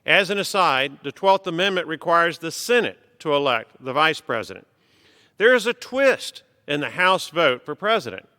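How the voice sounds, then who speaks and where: A middle-aged man, a congressman, giving a formal prepared speech from the floor in a measured, emphatic way. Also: fairly high pitch, sharp tone. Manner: measured, emphatic delivery of a written text. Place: large legislative chamber. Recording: long reverb of a large hall.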